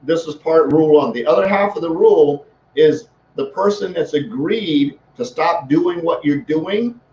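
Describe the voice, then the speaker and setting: A man's voice: fairly high pitch, expressive, measured pace, darkish tone, a little hiss or hum. A man talking as a leadership coach in a casual live-stream, rambling with many restarts. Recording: echoey room, dull lo-fi sound.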